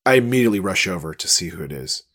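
Lively-voiced man playing a tabletop game. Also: sits low, very fast, dry recording, studio quality. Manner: urgent, rising when alarmed. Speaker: player. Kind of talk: tabletop role-play.

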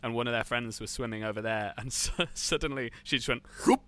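Male co-host, mid pitch, crisp bright tone, chatty storyteller. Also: a little fast. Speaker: podcast co-host. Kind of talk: casual chat.

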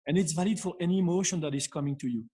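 A man with a manner giving advice in an interview, speaking haltingly with many fillers and restarts. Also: fairly high pitch, warm tone, slightly rough. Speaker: guest expert. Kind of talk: interview answer.

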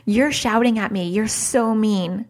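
A woman imitating a whiny, upset five-year-old girl, in a high, accusing voice. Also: unhurried, a little mellow. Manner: whining, accusing.

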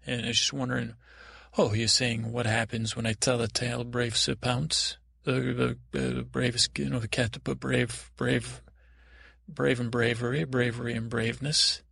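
A man with a gravelly, husky voice talks through an improvised sleepy role-play story. He rambles and stammers, restarting his words often, in a flat, even tone. The recording is dry and close, with no room sound. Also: mid-range voice, normal speed, no echo. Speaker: podcast host.

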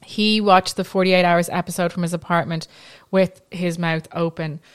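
A woman's voice: fairly low pitch, fairly even intonation, moderate pace, clear, resonant tone. A woman podcast host telling a true crime story in a chatty way, with frequent ums and restarts. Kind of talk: casual storytelling chat.

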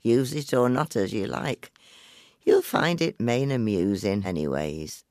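A man's voice: lowish voice, animated, a little slow, darkish tone, no room sound, clean studio sound. A man doing a sly old countrywoman. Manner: coaxing, knowing, half-whispered asides. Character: sly old countrywoman offering a strange gift.

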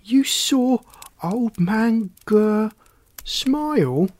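A storybook reader voicing Frog, a laid-back country boy who bursts into loud, excited exclamations. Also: mid-range voice, a little slow, lightly acted.

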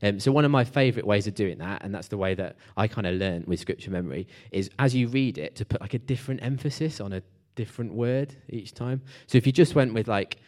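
A man's voice: on the low side, fast talker, hardly any pauses, a little mellow. A man preaching a casual, conversational sermon to a church group, with fillers and restarts.

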